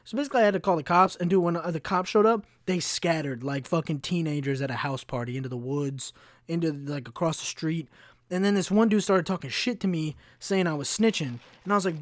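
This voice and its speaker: A man's voice: a little high, brisk, no room sound, studio quality. Young man ranting, heavy swearing. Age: 20s. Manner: profane, heated storytelling with slang. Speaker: podcast host. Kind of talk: solo podcast rant.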